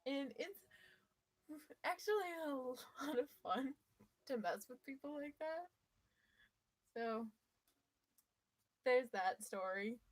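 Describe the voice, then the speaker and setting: A woman telling a personal story to her viewers in a lively, playful, mischievous way. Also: sits high, takes it slowly, pauses often, low-quality recording. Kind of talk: casual storytelling.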